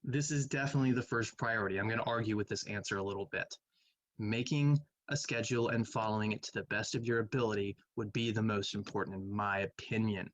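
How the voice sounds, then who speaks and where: A male math teacher works through quiz questions in a casual, thinking-aloud way, humming idly between them. His voice sits at an ordinary middle pitch. The recording is close and dry. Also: dry recording, low-quality recording. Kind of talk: recorded classroom lecture, reviewing quiz answers.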